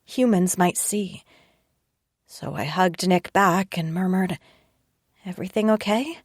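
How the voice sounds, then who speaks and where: Woman narrator, first-person audiobook, lowish voice, wry and tense, dry close recording. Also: fairly even intonation, slow, dry recording.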